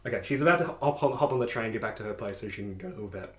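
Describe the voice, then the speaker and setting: A young man telling a story in casual podcast chat, animated and laughing, with many restarts. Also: on the low side, rapid-fire. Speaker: podcast co-host. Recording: echoey room.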